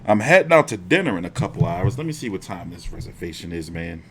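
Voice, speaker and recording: A man's voice: low-pitched, fast talker, a little hiss or hum. A young man hosting a boxing live stream, telling stories in casual, profane slang. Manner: profane, animated storytelling with slang.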